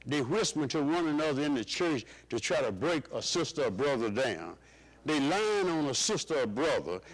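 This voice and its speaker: A man preaching a sermon to his church, calling out questions for the congregation to answer. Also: poor audio. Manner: call-and-response preaching, rising and dropping pitch.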